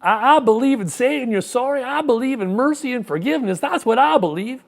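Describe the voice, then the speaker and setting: A man's voice: extremely high pitch, animated, fairly quick, gravelly, voice pushed up, heavily acted. A pastor doing an impression of a male politician earnestly asking for mercy, as part of a joke. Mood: pleading. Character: older male politician pleading for forgiveness.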